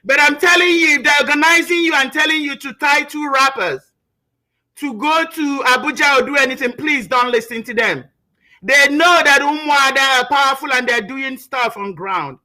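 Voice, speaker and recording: Woman caller, very high and bright, fervent and emotional, repeats phrases. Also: normal speed, low-quality recording. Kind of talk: emotional call-in speech.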